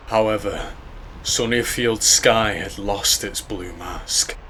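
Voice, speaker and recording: A man reading a scripted horror story in a measured, grave way. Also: on the low side, pushed and bright, a little hiss or hum. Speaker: narrator.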